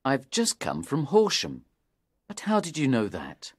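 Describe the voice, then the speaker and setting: A man's voice: mid-range voice, wildly swooping pitch, unhurried, breathy edge, no room sound, clean studio sound, pitched above the performer's own voice, exaggerated voice. A man voicing a nervous young man in his twenties in an audiobook, anxious and pleading. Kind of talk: audiobook character reading.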